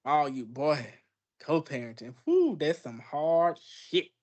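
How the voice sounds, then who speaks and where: A man's voice: on the high side, very animated, takes it slowly, darkish tone. A man co-hosting a podcast in casual chat, laid-back and profane, often chiming in with agreement. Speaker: podcast co-host.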